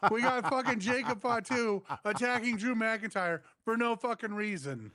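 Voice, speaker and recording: A man's voice: sits high, moderate pace, pushed and bright, no room sound, clean studio sound. A man co-hosting a wrestling review show, ranting angrily and sarcastically with lots of swearing. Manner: angry, sarcastic ranting with mocking impressions. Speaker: podcast co-host.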